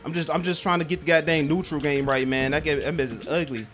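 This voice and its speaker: A young man streaming a fighting game, talking to chat in an excitable, self-deprecating way. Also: a little high, fast talker, soft background music. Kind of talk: casual gaming commentary.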